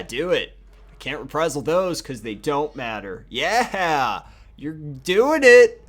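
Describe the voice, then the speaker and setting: A man's voice: lowish voice, fairly bright tone. A young man giving casual, profane, sarcastic commentary on a card game he is playing, often muttering to himself. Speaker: gaming video host.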